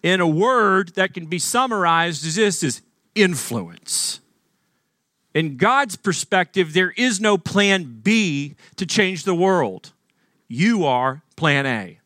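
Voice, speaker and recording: A man's voice: high-pitched, big pitch swings, slow, pushed and bright, no room sound, studio quality. A man from Arkansas preaching a sermon as pastor, earnest and emphatic, asking the congregation questions.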